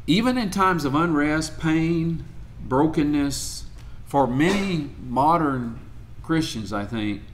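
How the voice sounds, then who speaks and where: A man's voice: fairly high pitch, expressive, slight background noise. Earnest male preacher reading scripture. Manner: earnest, measured, reads scripture with emphasis. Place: church.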